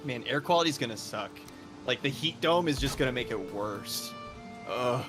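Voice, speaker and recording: A man's voice: mid-range voice, expressive, normal speed. A man hosting a live gaming stream, chatting casually and rambling with frequent laughs. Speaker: streamer host. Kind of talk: casual chat while gaming. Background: music.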